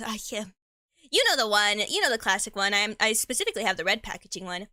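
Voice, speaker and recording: A young woman streamer of Mexican heritage chats casually while eating, rambling, stumbling over words, using lots of slang, laughing often, and sometimes talking with her mouth full. She talks fast at a medium pitch with big pitch swings and a pushed, bright tone. The audio is studio quality with no echo.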